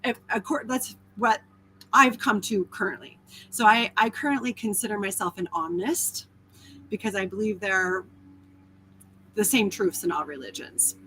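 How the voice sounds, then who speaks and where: A woman hosting a casual live stream, chatting through viewer comments in an animated, candid way, swearing freely and laughing often. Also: medium pitch, moderate pace, a little hiss or hum. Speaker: host of a live talk stream.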